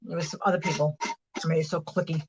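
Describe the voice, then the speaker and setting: A woman's voice: sits low, flat delivery, fast, slight background noise. Chatty woman talking while she cooks. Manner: rambling, chatty, lots of fillers and hang-ons. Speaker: livestream host. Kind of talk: casual chat while cooking. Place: home kitchen, moving between rooms. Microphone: device mic, often at a distance. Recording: voice drifting far from the mic.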